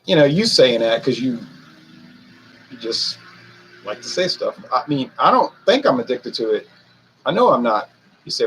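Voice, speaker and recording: A man's voice: mid-range voice, sing-song, moderate pace, creaky, fairly bright tone, a little hiss or hum. A man in his forties who reviews whiskey, rambling and a bit defensive as he talks straight to his viewers. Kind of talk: casual talk to camera.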